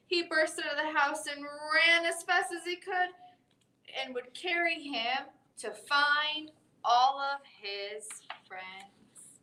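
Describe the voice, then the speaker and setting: A woman reads a children's picture book at bedtime in a high, bright voice. She takes her time and stretches the words with big, playful swings for the little listeners. Her voice echoes around a library room. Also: slow. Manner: expressive storybook voice, wide swings for effect. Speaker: library storytime host. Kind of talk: children's bedtime story reading.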